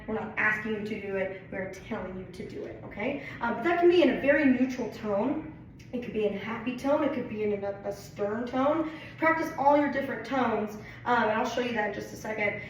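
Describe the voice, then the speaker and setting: A fairly high-voiced woman talks through a dog training session in a loose, casual way, checking in with "right?" and "okay?" as she goes. She sounds far from the mic, in a heavily echoing room with a faint hiss behind her. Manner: explains plainly, repeats "right?" and "okay?" checks.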